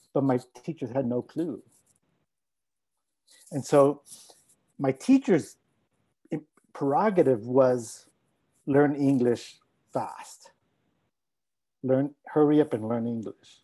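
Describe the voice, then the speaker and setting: A man's voice: medium pitch, warm tone, husky, low-quality recording. A middle-aged man, a native Spanish speaker, telling a reflective personal story as a scholar giving a talk. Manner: reflective, heartfelt, mixing in Spanish phrases.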